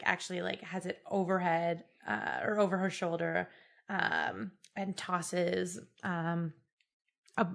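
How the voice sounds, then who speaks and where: Unhurried laid-back woman player. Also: lowish voice, gravelly, fairly bright tone. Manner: chatty, laid-back, swears casually. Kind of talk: casual tabletop game play.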